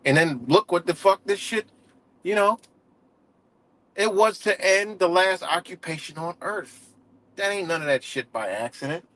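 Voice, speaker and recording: A man's voice: high voice, animated, a little slow, long pauses, fairly bright tone. A man hosting a casual livestream, ranting heatedly and profanely with lots of fillers and restarts. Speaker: livestream host.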